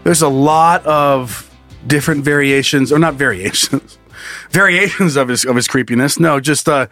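A man's voice: mid-range voice, normal speed, a bit bright, soft background music. A man co-hosting a crude comedy podcast, laughing often and slipping into silly voices. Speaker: podcast co-host. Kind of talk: casual comedy chat.

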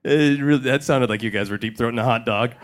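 A man's voice: mid-range voice, fast talker, slight background noise. A man hosting a live comedy podcast on stage, playfully joking and laughing with the audience. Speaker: live comedy show host.

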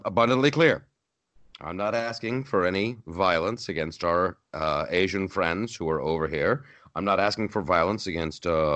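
A man's voice: deep voice, fairly bright tone. A man hosting a podcast, giving an opinionated monologue and repeating his lines for emphasis. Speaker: podcast host.

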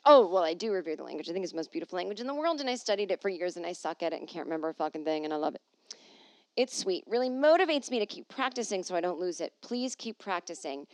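A woman's voice: on the low side, animated, quick pace, dry recording. A woman hosting her own podcast as a touring comedian, chatting casually and reading listener emails aloud in a rambling, self-deprecating, playful way. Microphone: podcast microphone.

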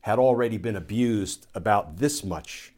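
A man's voice: fairly low pitch, unhurried, a little mellow. A man, a former Army lawyer, giving a solo political commentary that explains his argument step by step and poses rhetorical questions.

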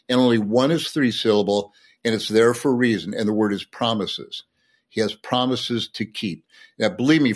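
Man, podcast guest, enthusiastic explainer, recites verse, mid pitch. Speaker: guest sportswriter and poet. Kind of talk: podcast conversation.

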